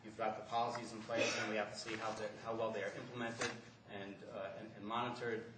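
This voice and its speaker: A man speaking as a board member at a public meeting, halting often with fillers and restarts. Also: on the low side, little pitch movement. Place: large meeting room. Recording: echoey room, distant mic, background noise.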